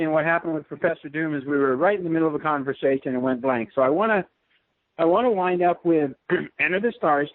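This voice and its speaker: A man's voice: fairly high pitch, dry recording. A man hosting a radio show, talking in an earnest, emphatic way with a lot of repetition. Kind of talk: casual radio interview talk. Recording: dry tinny phone-line sound.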